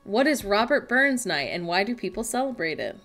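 A woman's voice: medium pitch, very animated, normal speed, a bit bright. A young woman chatting playfully and teasing on a casual livestream from home. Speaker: livestream co-host. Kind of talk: casual chat on a productivity livestream.

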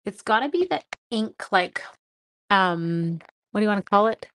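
A woman's voice: medium pitch, expressive, normal speed, noisy background. A middle-aged woman chatting to viewers during a casual live-stream card-making demo, with silly sound effects.

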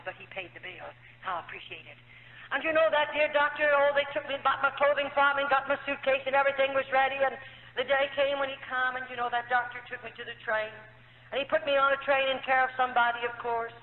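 A former nun giving an emotional personal testimony, telling her story earnestly and acting out the dialogue of the people in it. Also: medium pitch. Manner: earnest storytelling, acts out quoted dialogue, frequent "you know". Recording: tinny lo-fi archive recording in an echoey hall.

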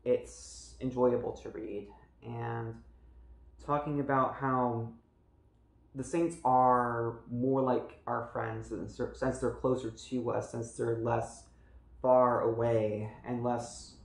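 An earnest man from the United States gives a casual book review to camera. He speaks at a middle pitch with a gravelly edge of vocal fry, wanders through fillers and restarts, and the room gives his voice a noticeable echo. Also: little pitch movement, slow pace.

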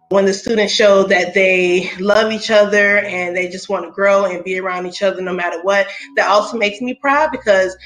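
A woman's voice: medium pitch, a bit bright. A woman, a third grade teacher, speaking earnestly about her students in a recorded testimonial. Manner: earnest, heartfelt.

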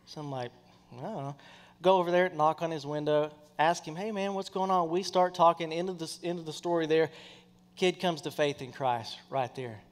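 Animated preacher man in a reverberant hall. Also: fairly high pitch, normal speed. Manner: animated, acts out quoted people in his stories. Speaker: pastor. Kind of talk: sermon storytelling.

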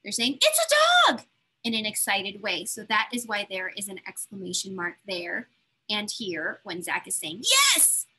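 A woman's voice: mid-range voice, fairly even intonation, normal speed, sharp tone, slightly rough. A woman teaching a recorded reading lesson to young children, patient and encouraging as she coaxes them along. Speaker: elementary school teacher.

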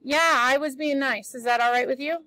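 Woman teacher, chatty and teasing, bright high voice, reads a novel aloud to her class. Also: fairly even intonation, fairly quick, no echo, rough recording.

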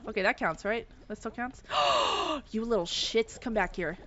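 A woman streaming a video game, giving excitable live commentary, yelling and swearing at the game. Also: fairly high pitch, measured pace, lo-fi sound.

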